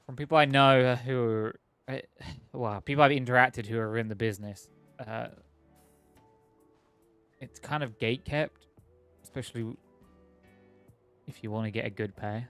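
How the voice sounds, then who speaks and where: A man's voice: medium pitch, fairly even intonation, normal speed, pauses often, fairly bright tone, clear, resonant tone, no room sound, faint music behind. A man streaming a game, chatting in a rambling, joking, self-mocking way. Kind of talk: casual gameplay commentary.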